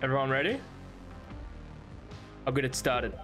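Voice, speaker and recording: A man casually chatting with friends while playing a co-op zombie game, excitable and jokey, yelping when things go wrong. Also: a little slow, faint music behind. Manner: excitable, yelps high when in danger; laughs often, jokey. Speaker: gamer streaming co-op with friends. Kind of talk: casual gaming chat.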